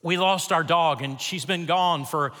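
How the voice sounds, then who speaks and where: Preacher doing a desperate man hunting his lost dog, urgent, bright, echoing hall. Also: a little high, a little slow. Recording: long reverb of a large hall.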